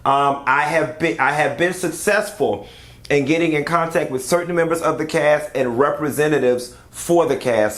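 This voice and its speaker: A man from the United States, chatting candidly to his viewers as he reviews a reality show. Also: medium pitch. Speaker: YouTube commentator. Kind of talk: casual reaction commentary.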